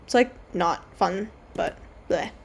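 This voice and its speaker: A woman's voice: lowish voice, slow, vocal fry, slightly rough. A young woman chatting casually while she draws on a stream, rambling, apologizing and slipping into silly voices. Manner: rambling, self-deprecating, breaks into silly voices.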